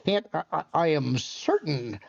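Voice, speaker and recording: A man's voice: a little high, animated, measured pace, creaky, lo-fi sound. A man joining a podcast as a guest, joking in casual chat. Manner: joking, laughs often.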